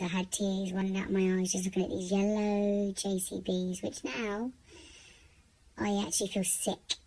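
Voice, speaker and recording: A woman telling a painful personal story in a vlog, halting and often repeating her words. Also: medium pitch, creaky, darkish tone, slight background noise. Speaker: vlogger.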